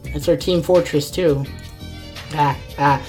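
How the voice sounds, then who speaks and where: Low-voiced woman streamer thinking aloud. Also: measured pace, a little mellow, faint music behind. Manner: rambling, thinking aloud, exasperated at the game. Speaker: gaming streamer. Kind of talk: live let's-play commentary.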